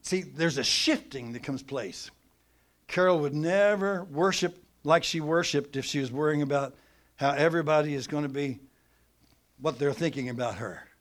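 A middle-aged man preaching a sermon, teaching with animated emphasis that swings between loud and soft. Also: a little high, normal speed.

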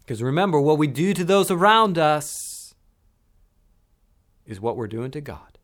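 A man's voice: on the high side, very animated, a little slow. Man preaching with wide swings. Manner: dynamic preaching, swings from hushed to loud. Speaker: pastor. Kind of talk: sermon.

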